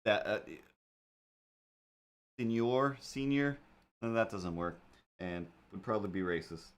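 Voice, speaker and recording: A man's voice: lowish voice, lively intonation, measured pace. A man hosting a casual drawing livestream, talking in a rambling, jokey way with lots of fillers and asides. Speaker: livestream host and artist.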